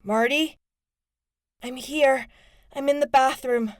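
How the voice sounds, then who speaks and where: A woman's voice: high voice, steady tone, takes it slowly, no echo, studio quality, voice pushed up. A woman voicing a frightened teenage girl trapped in a fire, strained and short of breath.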